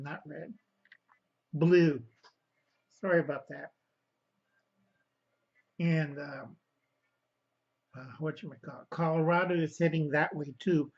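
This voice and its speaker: A man's voice: a little high, muffled recording. A man vlogging a casual political rant, rambling, correcting himself, and angrily calling his viewers kids. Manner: angry, addresses viewers as kids.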